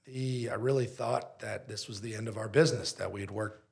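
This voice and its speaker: Restaurant owner guy on a podcast telling a wild story, bit of vocal fry, acts out the dialogue. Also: fairly low pitch, steady tone, fairly quick, a little mellow. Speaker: pizzeria owner, podcast guest.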